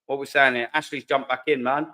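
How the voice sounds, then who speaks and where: A man's voice: medium pitch, fairly even intonation, fairly quick, pushed and bright. Ranting profane British man. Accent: British English. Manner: heated, profane, sarcastic. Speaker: fan channel host. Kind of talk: live-stream rant answering comments.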